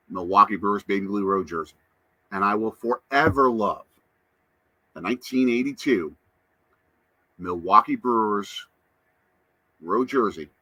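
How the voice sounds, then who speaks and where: A man's voice: lowish voice, pushed and bright, dry recording. A man hosting a casual live stream, chatting to viewers and reading out their comments. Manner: chatty, answers chat comments. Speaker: livestream host.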